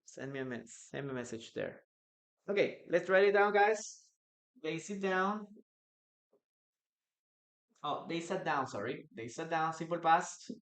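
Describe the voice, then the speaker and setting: Man, Peruvian Spanish accent, English teacher on a live stream, slow and unhurried, echoey room. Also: a little high, expressive, fairly bright tone. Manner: reads chat questions aloud and answers viewers. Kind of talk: live online English lesson.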